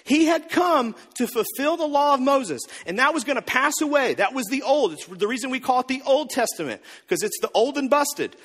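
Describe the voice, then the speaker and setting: A male pastor preaching a sermon with joking asides and lively storytelling. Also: extremely high pitch, normal speed, hardly any pauses. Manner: animated storytelling with jokes and asides. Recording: long reverb of a large hall.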